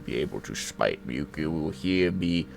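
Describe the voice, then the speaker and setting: A man putting on a deep, dark voice as a booming, imposing older man who speaks in slow, grandiose declarations. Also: expressive, creaky, slight background noise, full character voice.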